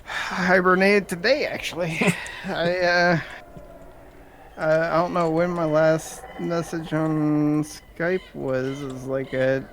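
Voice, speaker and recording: Male voice-chat buddy, slightly high, very slow and halting, giggly, boom mic. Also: flat delivery, a bit bright, a little hiss or hum. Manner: halting, laughs often, self-deprecating. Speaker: friend on voice chat. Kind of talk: casual chat over voice chat. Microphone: boom microphone.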